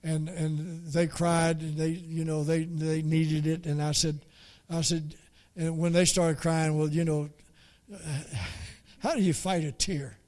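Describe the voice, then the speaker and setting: A man preaching a folksy story, halting and repeating words as he goes. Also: a little high, little pitch movement, darkish tone. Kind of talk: storytelling sermon.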